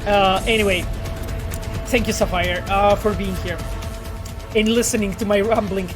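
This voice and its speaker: A man's voice: high-pitched, steady tone, moderate pace, over music. A man chatting casually on a game stream, rambling with many fillers and frequent laughs. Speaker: streamer and quest director. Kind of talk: casual stream chat while gaming.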